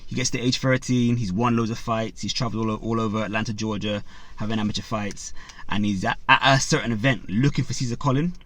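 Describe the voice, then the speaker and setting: A fairly low, slightly bright male voice keeps a steady tone at a quick pace while hosting a boxing channel. He casually retells a story loaded with fillers, briefly playing the characters and addressing his viewers directly.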